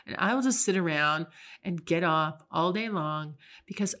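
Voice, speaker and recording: Young adult woman, solo podcast host; frank, chatty delivery, slightly low voice. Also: moderate pace, sharp tone. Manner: frank, chatty, with frequent restarts. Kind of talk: casual solo monologue.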